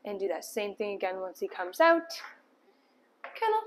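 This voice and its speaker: A woman trains a dog in an indoor room, walking through each step as she gives short, firm cues and upbeat praise. She speaks fairly quickly and animatedly in a medium-pitched voice, with slight background noise.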